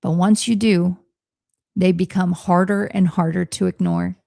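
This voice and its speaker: A woman's voice: fairly low pitch, flat delivery, unhurried, creaky, mellow, no room sound, studio quality. A woman in her forties hosting a podcast, speaking to listeners in an earnest, encouraging coaching talk from a home office.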